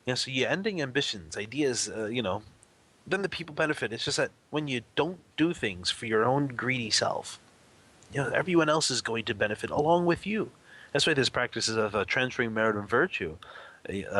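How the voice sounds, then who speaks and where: A man's voice: mid-range voice, a little fast, husky. A man sharing teaching stories in an easygoing, rambling way, acting out the voices in them. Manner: rambling storyteller, animated quoted voices. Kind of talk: casual spoken teaching.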